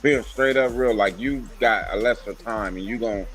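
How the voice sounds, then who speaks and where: Blunt, low-pitched male co-host. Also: moderate pace, fairly bright tone, soft background music, poor audio. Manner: blunt, slangy, frank opinions. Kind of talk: casual commentary.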